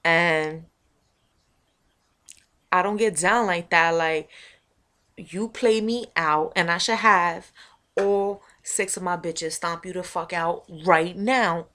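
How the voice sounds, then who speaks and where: A woman voicing a hot-tempered, streetwise young woman who talks loud, slangy and confrontational toward a rival. The voice sits a bit low and heavy. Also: takes it slowly, long pauses.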